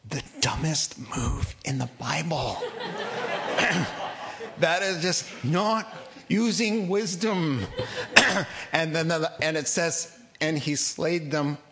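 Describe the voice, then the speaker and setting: A man preaching a sermon, telling Bible stories with humor and acting out the voices of the figures in them. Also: medium pitch. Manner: animated storytelling, puts on voices for biblical figures, laughs often. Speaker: pastor.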